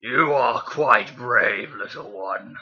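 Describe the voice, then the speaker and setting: A man voicing a menacing male robot warlord, trying for a deep throaty villain voice, on a dull lo-fi home recording. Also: takes it slowly, bright, forceful tone, husky, heavily acted. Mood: smug.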